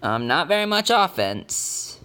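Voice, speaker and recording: A man vlogging his sports picks in an excitable, rambling way. His pitch swings widely as he talks. His tone is bright and tense, and he pauses often on "um". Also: clear, resonant tone. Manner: excitable rambling fan talk. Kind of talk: casual sports predictions vlog.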